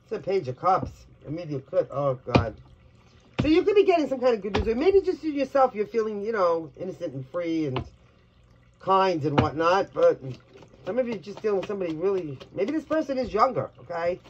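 A woman's voice: lowish voice, sing-song, a little fast. Blunt New York tarot reader woman. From Brooklyn, New York. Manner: blunt, crude and chatty, with laughing asides. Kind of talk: collective tarot reading to camera. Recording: dull lo-fi audio with faint hiss.

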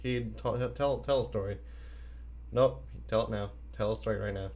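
Playful, low-voiced male game streamer. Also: steady tone, moderate pace, a little mellow. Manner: playful, chatty, reading and answering chat while playing. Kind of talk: casual live-stream chat.

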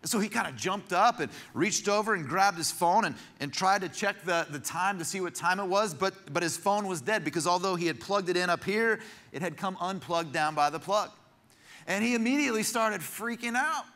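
A man's voice: high-pitched, lively intonation, normal speed, sharp tone. A man, a pastor, preaching a sermon in a church, telling stories in a conversational way with frequent restarts. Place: church sanctuary.

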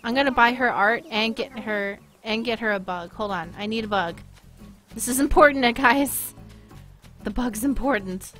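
A woman with a Boston accent giving live gameplay commentary, excitable, gasping and laughing often. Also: a little high, moderate pace, faint music behind. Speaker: streamer.

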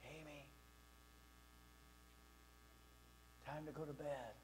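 A man voicing a middle-aged mother calling quietly from upstairs in a low, hushed tone. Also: slow, slight background noise, low-quality recording.

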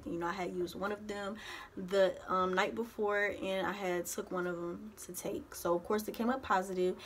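A young woman vlogger, telling a personal story in a casual, animated way and acting out the voices of the people in it. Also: medium pitch, slight background noise. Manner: animated retelling, acts out others' voices.

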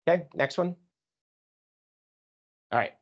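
A man's voice: fairly high pitch, takes it slowly, highs cut off. A man giving an informal lecture on electronic warfare, talking casually with many fillers and restarts. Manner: casual, filler-heavy, self-correcting. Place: lecture room.

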